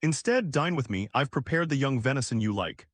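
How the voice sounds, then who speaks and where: A man voicing a stern, powerful older male duke who speaks in a light but cold, unhurried tone, recorded dry. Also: medium pitch, lively intonation, no echo, natural voice.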